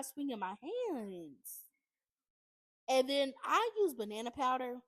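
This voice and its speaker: A woman's voice: sits high, animated, unhurried, no room sound. A woman beauty vlogger talking casually through a makeup tutorial, chatty and constantly addressing her viewers as y'all.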